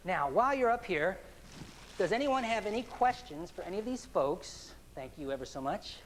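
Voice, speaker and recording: A man performing as a stage hypnotist, moving from upbeat showman banter to slow, soothing hypnotic suggestions on stage. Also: high voice, big pitch swings, a bit bright, slight background noise. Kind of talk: live hypnosis stage show. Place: stage before a live audience. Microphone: handheld microphone. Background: audience laughter and applause.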